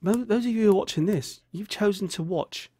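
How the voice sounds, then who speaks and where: A man rambling jokily through a casual vlog while feeling ill, often dropping into a low mutter. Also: fairly quick, mellow, dry recording, clean studio sound. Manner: rambling, jokey, drops into a low mutter on a catchphrase. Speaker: vlogger.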